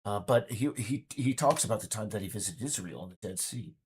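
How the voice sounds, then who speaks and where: A man's voice: lowish voice, expressive, brisk, darkish tone, a little hiss or hum. A man in his fifties speaking in a casual, indignant, rambling monologue full of restarts. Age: 50s. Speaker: game developer vlogger.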